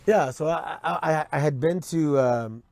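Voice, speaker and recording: A man telling his side of a story in a casual interview, relaxed with small restarts. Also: on the high side, measured pace, vocal fry, no room sound. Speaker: interview guest.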